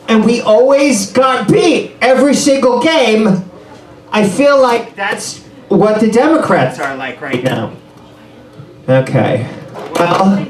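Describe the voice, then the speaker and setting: A man doing a rambling, self-deprecating stand-up set in a bar, ad-libbing through the trouble. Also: sits high. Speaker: stand-up comedian. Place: bar comedy room. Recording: echoey room, mic far off.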